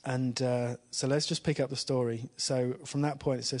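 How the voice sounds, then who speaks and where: A man giving an informal church talk to a live congregation, chatty and friendly, asking the room questions and dropping to a hushed voice when he retells the story. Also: mid-range voice, level tone, moderate pace, few pauses. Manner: chatty, asks the congregation questions, with small laughs. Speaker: preacher.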